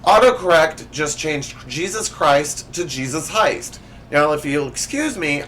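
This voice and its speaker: A male host reading funny text messages aloud in a comedic, animated way, putting on voices for the senders. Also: medium pitch, a little hiss or hum.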